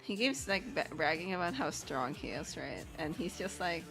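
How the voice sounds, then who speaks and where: A woman's voice: lowish voice, big pitch swings, moderate pace, over music. A young woman chatting casually on a live stream, rambling and giggling, full of "like".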